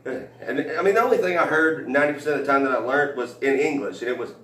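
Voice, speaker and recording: A man's voice: mid-range voice, expressive, quick pace, a bit bright. A man telling stand-up stories in a rambling way, with many fillers and restarts. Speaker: comedian. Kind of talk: stand-up storytelling. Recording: roomy, from a distance.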